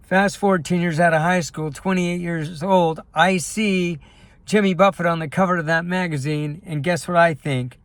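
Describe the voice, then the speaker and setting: Middle-aged guy telling his story to camera, bit high voice, dry close sound, gets emotional. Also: fairly even intonation, moderate pace, no echo. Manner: candid and emotional, storytelling with quoted dialogue. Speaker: life coach and filmmaker sharing his story. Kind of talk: personal video talk to camera.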